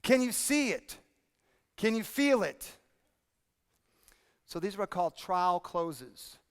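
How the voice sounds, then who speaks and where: A man presenting a workshop to a live audience, energetic and drilling the room with repeated questions. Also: high-pitched, takes it slowly, clear, resonant tone. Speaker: speaking coach presenting a workshop. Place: conference hall with audience. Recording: long hall reverb.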